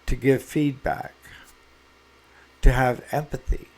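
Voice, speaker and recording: A man's voice: medium pitch, steady tone, slow, darkish tone. A man who owns a small engine repair shop, talking casually to camera and giving earnest, folksy advice.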